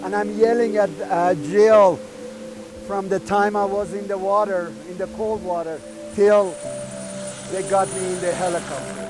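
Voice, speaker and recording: Man recalling, high voice. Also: level tone, background noise. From Iran. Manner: earnest, halting recollection. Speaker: interviewee. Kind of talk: documentary interview. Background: music.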